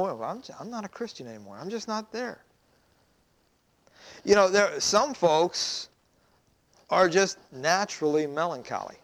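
High-voiced man preaching a sermon. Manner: conversational preaching with rhetorical questions. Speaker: pastor.

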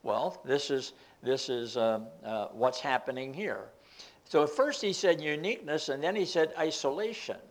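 A man's voice: on the high side, normal speed, low-quality recording. An older man giving an informal Bible study talk, explaining word meanings step by step in a meandering way.

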